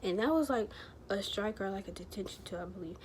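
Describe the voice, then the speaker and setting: Woman vlogger, mid pitch, chatty and rambling, slangy storytelling, faint background hiss. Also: fast talker. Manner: rambling, chatty, heavy use of filler words and slang. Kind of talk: casual storytelling to camera.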